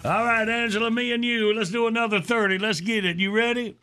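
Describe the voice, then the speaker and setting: A man's voice: high-pitched, fairly even intonation, a little fast, sharp tone. A man hosting a word game on a radio show, with upbeat game-show patter and frequent laughter.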